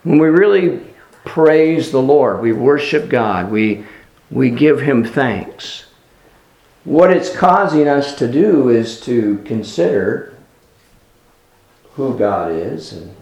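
A man preaching a sermon as a pastor, in an unhurried, earnest way, often restarting his sentences and filling pauses with "uh" and "you know". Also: mid-range voice, animated, darkish tone. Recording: roomy echo.

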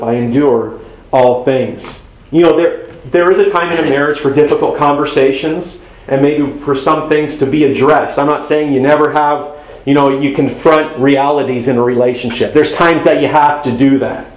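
A man with a slightly high voice gives a marriage talk to a live audience in a roomy, echoing hall. He speaks conversationally and with humor, slipping into short acted-out lines from husbands and wives. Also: fairly even intonation, moderate pace. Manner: conversational, humorous, acts out quoted spouses. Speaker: pastor or marriage seminar speaker. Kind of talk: sermon-style marriage talk.

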